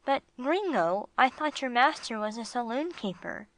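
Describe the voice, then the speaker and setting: A woman's voice: a little high, sing-song, normal speed, a bit bright, voice pushed up. A woman voicing a polite, curious dog. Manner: polite, inquisitive questioning. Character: polite, curious young male dog, well-mannered. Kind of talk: audiobook character voice.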